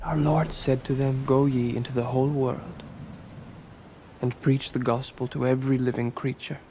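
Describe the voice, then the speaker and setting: An actor playing a solemn young priest quoting scripture, with a put-on Portuguese accent. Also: male voice, mid-range voice, steady tone, normal speed, warm tone, slight background noise, lightly acted. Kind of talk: film acting.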